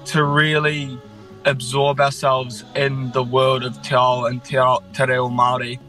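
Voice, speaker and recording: Bright-toned New musician, chatty. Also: male voice, mid-range voice, completely flat delivery, a little slow, soft background music, low-quality recording. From New Zealand. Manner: enthusiastic, chatty, self-deprecating. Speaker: musician, interview guest. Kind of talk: casual radio interview.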